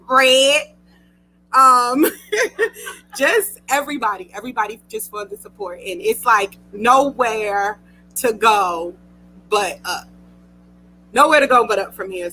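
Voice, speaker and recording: A woman's voice: on the high side, pushed and bright, a little hiss or hum, rough recording. A young woman hosting a radio talk show, chatty and emotional, often laughing. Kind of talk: casual chat.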